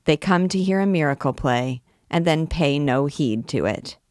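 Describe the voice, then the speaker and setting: A man's voice: on the high side, lively intonation, moderate pace, a little mellow, dry recording, clean studio sound, close to an everyday voice. A woman voicing a vain, frustrated male poet who grumbles and complains in an exasperated way. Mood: grumbling.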